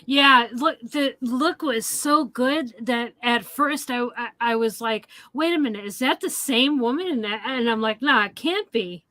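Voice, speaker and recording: Slow-talking woman podcast co-host. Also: fairly high pitch, sharp tone, dry recording. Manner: unhurried, reads listener questions. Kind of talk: casual review chat.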